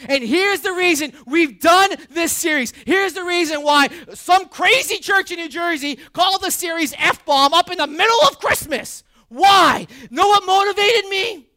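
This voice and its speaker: A male pastor preaching a sermon, swinging from hushed, earnest stretches to loud, animated shouting. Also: very high voice, no echo, studio quality. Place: church sanctuary.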